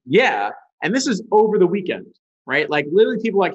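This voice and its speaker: A man guest on an interview, telling a story with lots of swing in his voice and acting out the people in it. His voice is husky and a bit high, and he swears casually. The sound is dull and lo-fi. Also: sing-song, fast talker. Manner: acts out the other people in his stories. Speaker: guest, ad agency founder. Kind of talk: animated storytelling.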